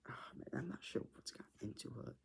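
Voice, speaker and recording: A man rambling through a personal story in casual chat, full of filler words and frequent swearing. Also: fast talker. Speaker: vlogger.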